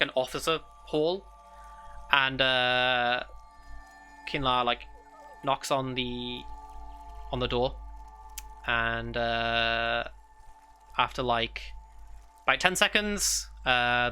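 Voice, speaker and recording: A man serves as game master for a tabletop game, narrating in a rambling, casual way packed with "like" and "uh". His mid-range voice is pushed, bright and smooth, and fantasy ambience music plays behind him.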